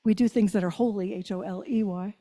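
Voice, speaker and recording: An older woman minister giving a reflective sermon, asking her listeners questions and slowing down on key phrases. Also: mid-range voice, steady tone, mellow. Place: church sanctuary. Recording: long church reverb.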